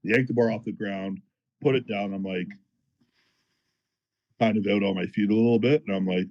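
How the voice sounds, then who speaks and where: Low-voiced profane powerlifter telling a story. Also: male voice, moderate pace, pauses often, lo-fi sound. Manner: animated, profane, fired-up retelling. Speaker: powerlifter guest. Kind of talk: casual podcast storytelling.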